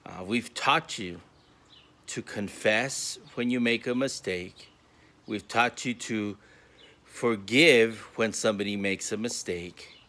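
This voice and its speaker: A man voicing a calm grandmother who gently scolds her grandson, in a storytelling talk for a school. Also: on the low side.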